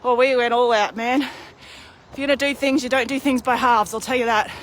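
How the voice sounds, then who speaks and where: Puffing woman, candid and chatty, fairly high voice, phone held out on an outdoor walk. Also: steady tone, normal speed, slight background noise. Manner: chatty, candid, self-deprecating. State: out of breath. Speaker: vlogger. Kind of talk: casual live video while walking. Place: outdoors on a hilly street.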